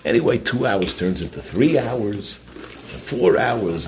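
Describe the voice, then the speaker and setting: A man's voice: lowish voice, expressive, slow, a little hiss or hum, low-quality recording. A man giving a Torah talk full of stories, mixing in Yiddish and Hebrew terms. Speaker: Torah teacher.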